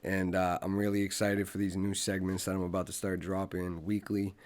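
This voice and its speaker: A young man, a musician guest on a podcast, talking in a relaxed, laid-back way that often trails off softly. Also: deep voice, fairly quick. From Boston. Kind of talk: casual podcast chat.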